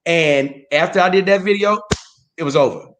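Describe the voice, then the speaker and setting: A man who is a comedian, guest on a casual interview show, talking loosely and breaking into loud, animated mock outrage. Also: high-pitched, moderate pace, background noise.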